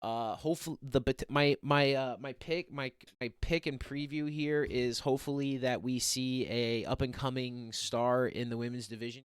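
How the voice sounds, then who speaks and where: A man's voice: medium pitch, fairly even intonation, moderate pace, few pauses, clean tone, no room sound, clean studio sound. Rambling young man calling fight picks. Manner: rambling, loose, full of fillers and self-corrections. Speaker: MMA picks podcaster. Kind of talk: casual fight preview and predictions.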